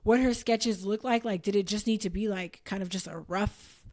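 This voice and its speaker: A woman's voice: mid-range voice, fairly even intonation, normal speed, darkish tone. An American woman co-hosting a book podcast, chatting casually and laughing often as she recaps the story. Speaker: podcast co-host.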